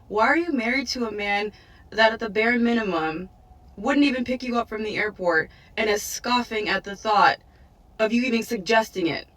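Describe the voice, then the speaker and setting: A woman's voice: on the high side, moderate pace, fairly bright tone, distant mic, rough recording. A woman telling a story in a chatty, incredulous way. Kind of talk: storytelling vlog.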